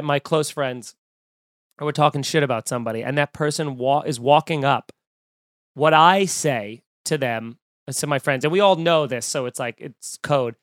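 A man hosting a casual podcast, telling stories and acting out quoted voices in an animated way. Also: mid-range voice, dry recording, studio quality. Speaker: podcast host. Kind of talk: casual chat. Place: home room.

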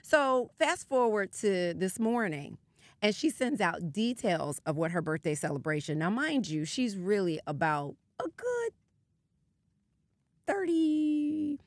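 A woman co-hosting a radio show, chatting casually and telling an animated story with frequent laughter. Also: mid-range voice, slow, dry recording. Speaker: radio co-host. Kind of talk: casual on-air chat.

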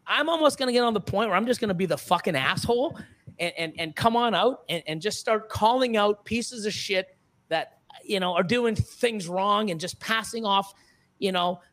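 A man's voice: sits high, moderate pace, a bit bright. A middle-aged man in a casual podcast conversation, ranting angrily and profanely with many restarts and repeated words. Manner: angry, profane, heated ranting with frequent restarts. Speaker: podcast guest, reptile breeder.

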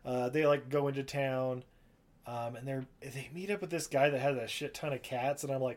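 A man's voice: medium pitch, steady tone, moderate pace. A man casually recapping a movie plot in a rambling, profane way, acting out the characters in raised voices. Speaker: podcast co-host.

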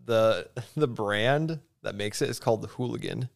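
A man co-hosting a podcast in casual chat, telling animated stories and laughing often. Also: on the low side, normal speed, creaky, slight background noise. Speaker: podcast co-host.

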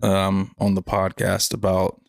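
Young male podcast host, low and even-toned, halting with many fillers, clean dry sound. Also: creaky, no room sound. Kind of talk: casual reflective chat.

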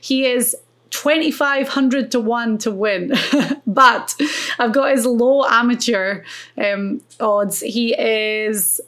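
Woman, golf podcast co-host, friendly upbeat chat, slightly high voice. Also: slow pace, fairly bright tone. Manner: friendly, upbeat, leads segments. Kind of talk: casual chat.

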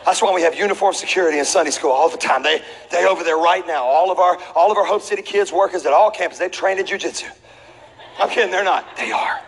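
A middle-aged man pastor telling a comic story in a lively sermon, acting out voices, laughing and sometimes shouting. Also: high voice, quick pace, a little hiss or hum. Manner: animated, acts out voices, laughs, shifts to shouting. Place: large church auditorium. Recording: reverberant hall with faint ambience.

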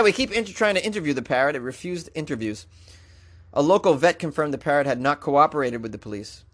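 A man's voice: fairly high pitch, a bit bright. A man reading odd news stories aloud and breaking in with sarcastic, incredulous asides, in a casual comedic commentary style. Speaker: podcast host reading news.

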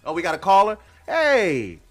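A man's voice: fairly high pitch, a little fast. A male podcast host in a casual chat, his voice rising and falling a lot. He jokes around and talks over his co-hosts. Faint music plays in the background. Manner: animated, joking, interrupting.

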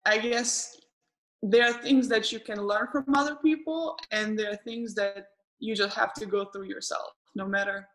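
A woman hosting a relaxed interview at an average pitch. She speaks haltingly, restarting her phrases and correcting herself as she goes. She laughs easily while telling her own stories. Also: poor audio. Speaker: podcast host. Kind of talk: casual conversational interview.

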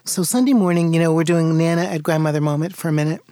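An older woman pastor talks in a warm, reflective conversation. Her voice sits a little low, and the sound is dry and close. She tells stories with animation, acts out voices and sometimes sinks to a whisper. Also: quick pace, dry recording.

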